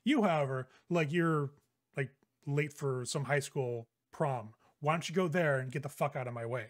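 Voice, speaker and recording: A man's voice: fairly high pitch, moderate pace, lightly acted. A man voicing a rude, brash male security guard in a tabletop game, crude and blustering. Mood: scornful.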